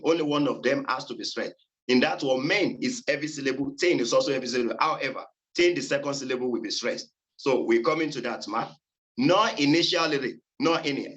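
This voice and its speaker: A man presenting a seminar on phonology, reading in a halting way with many fillers and repeated words. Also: fairly high pitch, a bit bright, poor audio. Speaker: student presenter.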